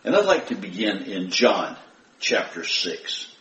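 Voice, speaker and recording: A pastor delivering a sermon, stressing scripture readings with emphatic rises. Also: male voice, lowish voice, sing-song, a little slow, fairly bright tone. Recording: roomy echo, from a distance.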